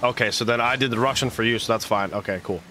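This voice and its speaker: A man talks casually and quickly to his stream viewers, explaining himself between plays in a bright, forceful voice. A faint noise sits under the talk. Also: mid-range voice. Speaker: streamer and caster.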